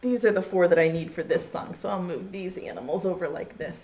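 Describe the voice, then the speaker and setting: A woman leading a virtual preschool circle time as teacher, cheerful and sounding out letters slowly for small children. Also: on the low side, darkish tone, lo-fi sound.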